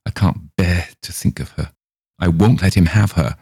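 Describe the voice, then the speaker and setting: Fragile despairing young woman, read by a man in a dull little voice, dark and dry. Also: low voice, moderate pace, creaky, breathy edge, dry recording, exaggerated voice.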